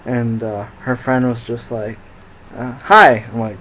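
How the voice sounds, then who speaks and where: A man's voice: mid-range voice, level tone, measured pace, fairly bright tone, slight background noise, rough recording. A young man telling a rambling, profane story into his phone and laughing at his own jokes. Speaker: vlogger. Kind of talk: casual storytelling to camera.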